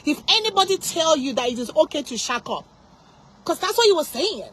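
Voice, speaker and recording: Woman, high-pitched, fired-up faith talk, emphatic, preachy. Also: sing-song, brisk, a bit bright, low-quality recording. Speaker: Christian channel host. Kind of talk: passionate faith talk to camera.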